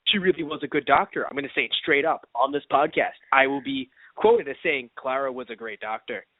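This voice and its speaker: A man co-hosting a casual podcast, talking in an animated way and acting out mock quotes. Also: mid-range voice, brisk, no room sound. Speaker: podcast co-host. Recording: dry, phone-like narrow sound.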